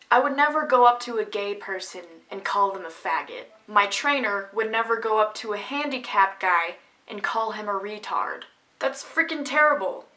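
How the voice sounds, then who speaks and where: A woman vlogger with a slightly high, bright and forceful voice tells a story from her own life. She rants with animated sarcasm in a casual tone.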